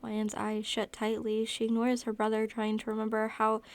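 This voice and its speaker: Flat, gravelly woman reading a story. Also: fairly high pitch, normal speed. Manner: even storytelling with frequent self-corrections. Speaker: narrator. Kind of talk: reading fan fiction aloud.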